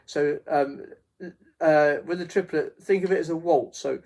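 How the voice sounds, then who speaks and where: A man teaching a beginner drum lesson in a halting way, with many fillers and restarts, counting beats aloud. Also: a little high, a little mellow. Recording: faint noise with drum pad clicks.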